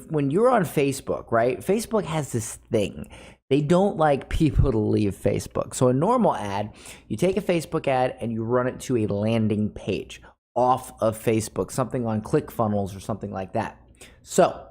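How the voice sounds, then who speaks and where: A man's voice: medium pitch, darkish tone. A man teaching a marketing course as a casual screen-share tutorial, often restarting his sentences. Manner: casual, restarts often, fillers, says "y'all".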